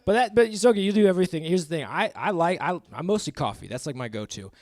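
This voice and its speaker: A man in his thirties doing live stand-up comedy on a club stage, crude and self-mocking, with quick asides to the crowd. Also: high-pitched, animated, a little mellow, no echo, studio quality. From American Midwest.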